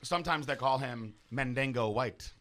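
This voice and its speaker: A man co-hosts a relaxed studio chat with a bright, forceful tone. He jokes around and laughs easily, his voice sitting at an ordinary pitch. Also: moderate pace, slight background noise. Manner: laughing, playful storytelling. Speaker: co-host. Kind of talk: casual chat. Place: office studio.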